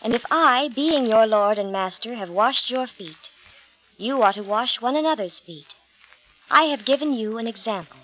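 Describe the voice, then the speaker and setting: A gentle, solemn teacher speaks in slow, measured words, as a woman narrator reads him. Her voice sits a little high, with no big change from her narration. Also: expressive, a little hiss or hum, low-quality recording. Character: calm gentle male teacher, adult, solemn.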